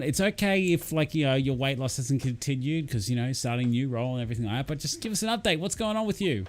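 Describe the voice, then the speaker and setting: A man's voice: mid-range voice, animated, quick pace, few pauses. A man hosting a casual livestream, chatting and answering viewers in a chummy, rambling way. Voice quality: rambling, full of fillers and restarts, chummy. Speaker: channel host reading live chat.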